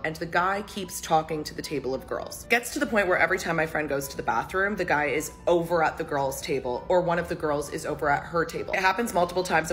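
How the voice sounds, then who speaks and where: A woman's voice: sits low, a bit bright. A woman telling a story from a date to her followers in a casual, swear-heavy, exasperated rant. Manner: profane, exasperated, fast storytelling. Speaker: TikTok storyteller.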